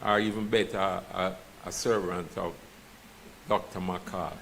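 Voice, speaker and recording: A man's voice: low-pitched, steady tone, measured pace, gravelly, fairly bright tone, slight background noise, low-quality recording. A man with a Jamaican accent preaching a sermon and reading scripture aloud, slipping into patois and asking his listeners if they understand. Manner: slips into patois, asks the congregation "you understand?". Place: church.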